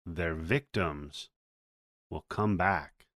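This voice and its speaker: A man co-hosting a podcast, recapping a movie plot in a relaxed way and acting out the characters' lines. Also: deep voice, drawn-out words, no room sound, studio quality. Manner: relaxed storytelling, acts out quotes. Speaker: podcast co-host.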